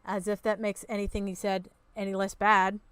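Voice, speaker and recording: A woman's voice: medium pitch, level tone, moderate pace, a bit bright, smooth, dry recording. A woman hosting a reaction commentary, ranting in a sarcastic, exasperated way and swearing freely. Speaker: commentary channel host.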